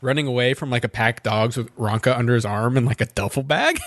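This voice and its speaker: A man co-hosts a podcast, recapping an episode in a rambling, filler-heavy way with frequent swearing. His voice sits at a middle pitch and sounds dry and close, with no room sound. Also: quick pace, a bit bright, no room sound. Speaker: podcast co-host.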